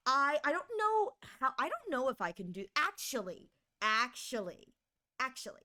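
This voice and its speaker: A woman with a Northern US accent chatting casually on a live stream, bubbly and excitable, often laughing. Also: fairly high pitch.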